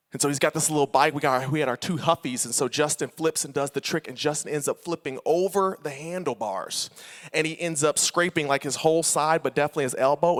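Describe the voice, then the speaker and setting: A young man giving a storytelling sermon to a conference crowd, animated and playful, swinging between loud outbursts and soft asides. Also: a little high. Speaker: conference speaker. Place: large hall with live audience.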